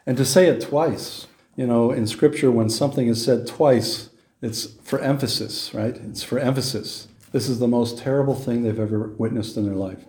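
A man's voice: mid-range voice, moderate pace, mellow, reverberant. A man preaching a sermon, reading scripture with rising emphasis and then explaining it in a conversational way with rhetorical questions. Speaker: pastor.

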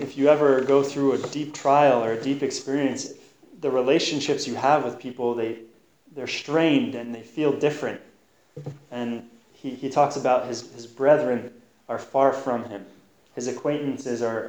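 A man preaching a sermon on scripture in an earnest, halting way, often restarting his words. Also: medium pitch, darkish tone. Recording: roomy echo with faint background noise.

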